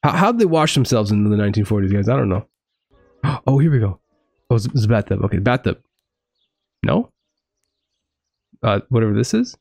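A young man commentating a horror game live, excitable, swearing and joking to viewers. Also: lowish voice, a little fast, vocal fry, pauses often, no echo, studio quality. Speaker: gaming streamer.

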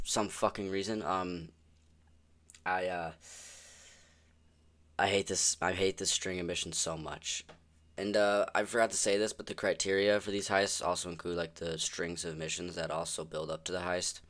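Deep-voiced young man ranting profanely. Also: fairly bright tone. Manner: profane, rambling, exasperated. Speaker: gaming video creator. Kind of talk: casual ranting commentary.

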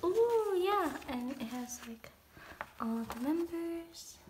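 A young woman unboxing an album in a casual vlog, gushing with delight and swinging between excited squeals and hushed whispers. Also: extremely high pitch, slow, noisy background.

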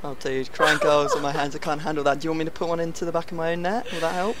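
A young man, teasing his opponent while commentating a football video game in a jokey, excitable way. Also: fairly high pitch, very fast, a loud crowd. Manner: teasing, jokey, swings into loud excited shouts. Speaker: gaming channel host.

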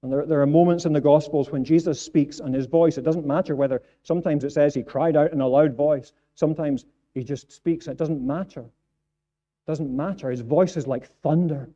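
A man's voice: a little high, steady tone, normal speed, warm tone, dull audio. A man preaching a sermon in church, earnest and repeating phrases for emphasis. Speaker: pastor.

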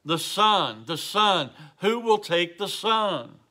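A man's voice: sits high, expressive, slow, pushed and bright, heavily acted. A man voicing a persistent male auctioneer calling for bids, formal and insistent, in a story.

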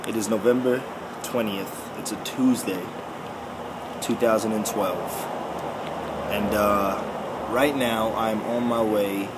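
A nervous young man talks in a low, slow, halting way and keeps repeating himself. He is recording a casual video diary from a car. Loud car and air conditioning noise runs under his voice. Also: fairly even intonation. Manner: hesitant, halting, with many repeats. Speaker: filmmaker recording a behind-the-scenes video.

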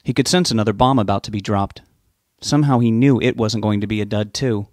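A man narrating a novel in a steady, measured reading voice. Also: on the low side, no echo, studio quality. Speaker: audiobook narrator.

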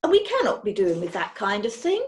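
A woman voicing a brisk, prim young witch who talks in a commanding way. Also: mid-range voice, wildly swooping pitch.

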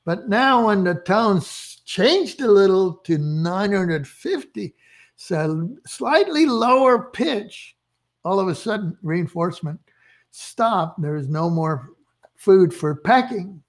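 A man's voice: high-pitched, lively intonation, takes it slowly. A man giving a recorded lecture, talking with many fillers and restarts and an eager tone about the experiments he explains. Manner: enthusiastic about experiments, chuckles.

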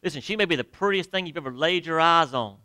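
A man preaching a sermon to his congregation, emphatic, with sudden drops to near quiet and direct questions to the listeners. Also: fairly high pitch, fast, clean tone, no echo. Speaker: pastor. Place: church sanctuary.

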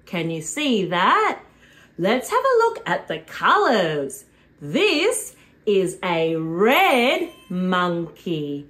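A woman presenting a video for toddlers in a slow, exaggerated, sing-song way, repeating words for little ones to copy. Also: medium pitch, a bit bright. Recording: echoey room with faint music underneath.

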